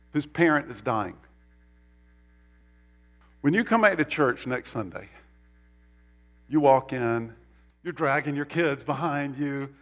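A male pastor preaching a sermon in a church, animated and emphatic, with sudden jumps up in pitch on key words. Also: lo-fi sound. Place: church sanctuary.

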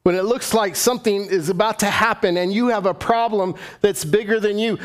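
A man's voice: high-pitched, fairly even intonation, brisk, hardly any pauses. A middle-aged man preaching a sermon as pastor, earnest and climbing to impassioned emphasis.

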